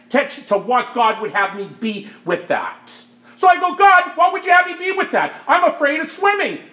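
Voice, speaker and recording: A man with a very high, bright voice gives an emphatic testimony to a group. He keeps asking "Right?" and turns louder at points. The sound is roomy and echoey. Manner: emphatic, asks "Right?" often, bursts louder at times. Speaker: speaker sharing his recovery story.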